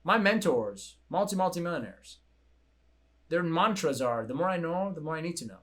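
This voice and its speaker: A young man hosting a coaching show, talking in a blunt, profane, animated way. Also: on the high side, normal speed. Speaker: coaching podcast host. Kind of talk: casual chat.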